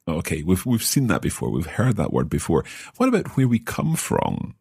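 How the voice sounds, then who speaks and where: Scottish male learner on a lesson podcast; low, husky, dry studio sound, halting delivery. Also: huge pitch swings, a little mellow, no room sound. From Scotland. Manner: hesitant, repeats words while thinking. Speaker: language learner and co-host.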